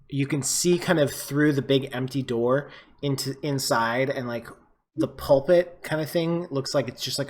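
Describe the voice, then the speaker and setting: A man running a tabletop game as game master, describing scenes in a casual, rambling way with many fillers. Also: medium pitch.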